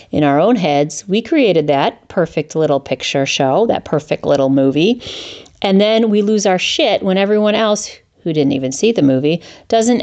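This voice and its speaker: A middle-aged woman hosting a solo podcast, candid and profane, with her voice jumping up high when she rants in exasperation. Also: a little mellow. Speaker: podcast host.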